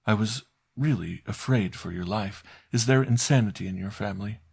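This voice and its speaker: A man voicing a pompous, smooth-talking older male doctor who speaks in an unctuous, oracular way in a storybook reading. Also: fairly low pitch, normal speed, darkish tone. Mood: smooth menace.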